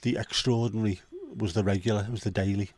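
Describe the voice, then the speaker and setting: This livestream host from Liverpool talks fast, cracking jokes, cursing and throwing in chatty asides as he chats with viewers. His fairly low voice is a little mellow with fairly even intonation, and there's no room sound.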